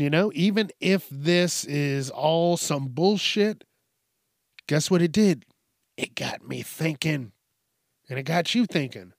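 A man's voice: fairly high pitch, creaky, no echo, studio quality. A man hosting a casual, profane news commentary show, rambling and laid-back as he reacts to stories. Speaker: host.

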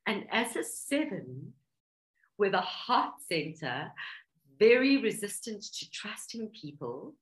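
A woman's voice: mid-range voice, sing-song, slow pace, low-quality recording. A woman from South Africa with a South African accent, earnestly telling her life story as an interview guest. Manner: earnest, heartfelt, talks through emotion.

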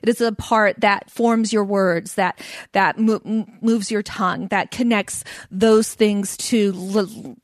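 A woman's voice: mid-range voice, fairly even intonation, slow, no echo, clean studio sound. A woman, giving a playful comedic talk to an audience, speaking with a stutter and laughing often. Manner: stutters, with repeated sounds and blocks. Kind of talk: stand-up style talk to a live audience.

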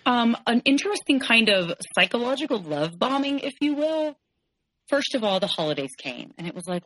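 A woman's voice: fairly high pitch, sing-song, normal speed, a bit bright, dry recording, rough recording. A woman in her forties, a podcast guest, telling a painful personal story candidly, often quoting what was said. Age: 40s. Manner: candid, tense retelling, quotes others in shifting voices.

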